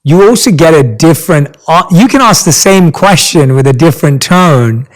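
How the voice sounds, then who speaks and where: Enthusiastic male podcast host, higher voice. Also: lively intonation, moderate pace, poor audio. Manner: enthusiastic, affirming. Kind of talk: conversational interview.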